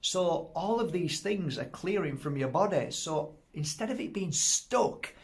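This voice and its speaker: A man with a gravelly, rough-edged voice talks as a crystal healer in a casual spiritual teaching style. He speaks straight to the listener, piling up repeated words and lists as he explains. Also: fairly high pitch, lively intonation, a little slow.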